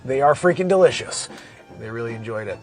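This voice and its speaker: A man's voice: mid-range voice, lively intonation, fairly quick, darkish tone, faint music behind, poor audio. A man hosting a comedy news show, reading headlines and riffing brashly, peppering his lines with mild swears. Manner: brash, jokey, peppers speech with 'freaking' and 'friggin''.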